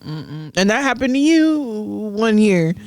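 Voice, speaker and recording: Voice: medium pitch, moderate pace, no echo. A podcast co-host chatting casually and chiming in with brief reactions. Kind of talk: casual chat.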